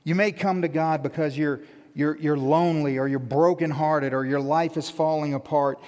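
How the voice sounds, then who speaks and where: Preaching at a moderate pace, this pastor, whose voice is high for a man, tells stories in a lively, self-deprecating way. His sermon rings with long reverb that fills the sanctuary.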